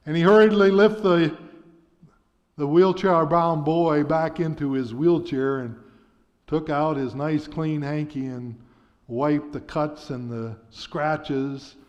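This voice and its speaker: A man preaching a sermon, telling a story in an earnest, measured way in a church sanctuary. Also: a little high, darkish tone. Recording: dull sound with long church reverb.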